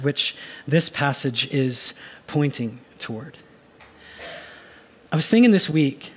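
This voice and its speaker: A man preaching a sermon as a pastor, animated and given to acting out little mock inner voices. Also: fairly high pitch.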